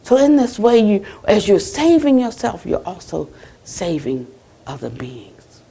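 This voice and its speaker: An American woman Buddhist teacher giving a conversational dharma talk at a retreat center, retelling conversations and closing with a soft blessing. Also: medium pitch, big pitch swings, unhurried, gravelly, breathy edge.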